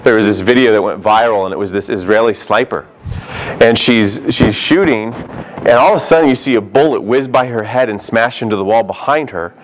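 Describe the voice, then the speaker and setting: A man's voice: medium pitch, slight background noise, poor audio. A man, a pastor, preaching a sermon in an emphatic way and acting out quotes.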